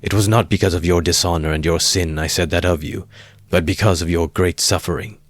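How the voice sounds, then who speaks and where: A man voicing a feverish, brooding young man who speaks slowly and intensely, in an audiobook reading. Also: deep voice, steady tone. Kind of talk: audiobook character voice.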